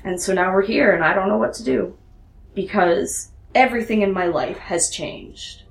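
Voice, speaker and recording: A woman voicing a hurt, fierce young woman rebel pilot in a tabletop role-play, earnest and pleading, with deliberate pauses, recorded in a roomy space. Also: mid-range voice, creaky, close to an everyday voice. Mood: anguished. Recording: roomy echo.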